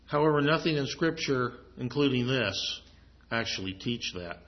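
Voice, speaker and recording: A man's voice: mid-range voice, expressive, normal speed. A man preaching a sermon in a conversational way, reading scripture aloud as he goes. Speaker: pastor. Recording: muffled lo-fi recording.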